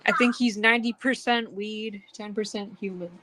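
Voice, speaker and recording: A woman's voice: medium pitch, fairly even intonation, moderate pace, very noisy. A woman guest artist chatting casually and laughing often while she draws on a stream.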